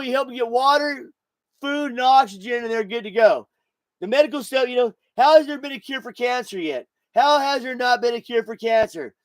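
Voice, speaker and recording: A man's voice: very high-pitched, fairly quick, no echo, low-quality recording. A man in his sixties hosting a podcast, rambling and swearing through a casual monologue while buzzed and intoxicated. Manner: rambling, profane, repeats himself. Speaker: podcast host.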